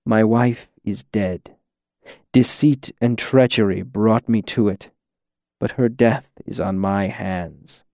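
A man's voice: on the low side, slow pace, no room sound, studio quality. A man voicing a grief-stricken fallen male hero who speaks with heavy weariness, at times breaking into anguish. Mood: weary. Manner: weary and heavy, rising to anguished shouts. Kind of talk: audiobook character voice.

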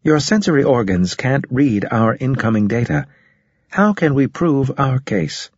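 A man's voice: mid-range voice, big pitch swings, measured pace, slightly rough, no echo, voice pushed up. A man reading the lines of a haughty alien prefect, in a stiff, formal, indignant way. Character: haughty pompous alien prefect, male-voiced creature. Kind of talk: audiobook character reading. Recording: dull, muffled audio.

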